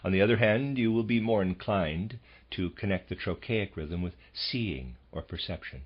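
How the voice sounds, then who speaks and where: A man with a very low, slightly husky voice reads a lecture in a measured, formal way. The audiobook sound is a little dull and lo-fi. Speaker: audiobook narrator. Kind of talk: scripted audiobook reading of a lecture.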